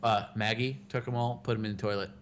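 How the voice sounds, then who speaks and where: A man's voice: on the low side, steady tone, fast talker, a little hiss or hum. A man in his thirties hosting a podcast, telling rambling stories with a lot of swearing. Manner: rambling storyteller, swears freely. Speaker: podcast host. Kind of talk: casual chat.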